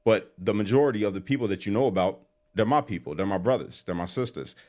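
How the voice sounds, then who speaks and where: A male interview guest with a lowish voice talks fast. He is an animated, casual storyteller who quickly acts out quotes.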